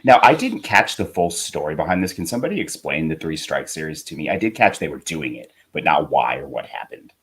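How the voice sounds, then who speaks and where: A man's voice: rumbling low, big pitch swings, brisk, hardly any pauses, fairly bright tone, a little hiss or hum. A man co-hosting a casual chat, laid-back and explaining things at length. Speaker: podcast co-host.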